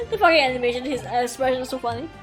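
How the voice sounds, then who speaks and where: High-voiced swearing woman streamer. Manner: swears freely and laughs at the game. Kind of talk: let's-play reading and commentary.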